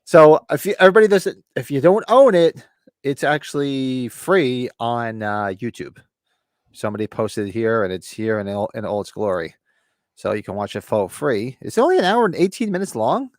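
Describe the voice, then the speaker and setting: Man host, loose rambling chatter, lively pitch, dry close sound. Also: normal speed, no room sound. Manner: rambling, restarts mid-sentence. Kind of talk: casual live watch-along chat. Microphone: webcam stream setup.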